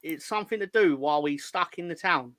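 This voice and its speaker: A man's voice: on the high side, fairly quick, a bit bright, dry recording. A man co-hosting a podcast in casual chat, talking in a rambling, jokey and crude way. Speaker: podcast co-host.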